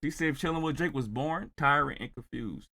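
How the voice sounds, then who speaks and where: Bright-voiced man recapping with sarcasm. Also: a little high, a little fast, gravelly. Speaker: reaction channel host. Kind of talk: reaction commentary.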